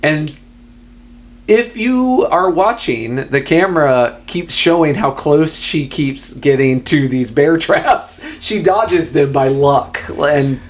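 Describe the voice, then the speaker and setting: A man's voice: a little high, animated, slow pace. A man co-hosting a movie podcast in casual chat, recapping a film in a laid-back, wry way with frequent fillers and the odd swear word. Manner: laid-back, agreeable, lots of "yeah" and "um"; profane, wry.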